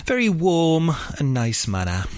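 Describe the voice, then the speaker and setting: A man's voice: on the high side, huge pitch swings, unhurried, a little mellow, no room sound. A young man co-hosting a casual true-crime podcast, rambling and jokey with lots of fillers. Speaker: podcast co-host.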